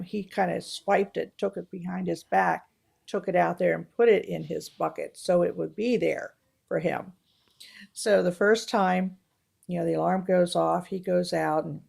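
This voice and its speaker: A woman co-hosting a casual film review chat, retelling movie scenes with animated storytelling. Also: lowish voice, gravelly. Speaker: podcast co-host.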